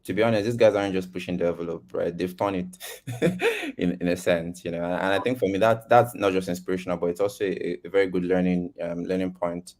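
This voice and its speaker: A man's voice: low-pitched, steady tone, fast talker, a little mellow. A man speaking as a guest on a webinar panel, reflective and repeating words as he thinks.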